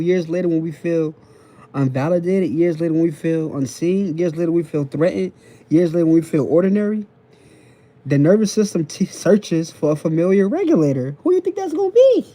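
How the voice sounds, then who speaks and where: A man lectures his live-stream viewers from his phone, repeating each point and asking if they follow. His talk is loose and slangy. The voice sits a little high but sounds very dark and mellow. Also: normal speed. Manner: repetitive, preachy, keeps checking in with the audience; casual slang and profanity. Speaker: TikTok live host.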